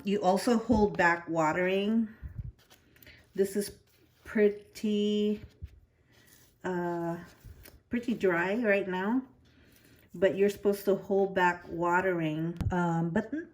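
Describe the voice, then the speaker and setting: Woman plant vlogger, slow, casual, slight retainer slur. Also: fairly low pitch. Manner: heartfelt, rambling with restarts. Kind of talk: casual vlog talk.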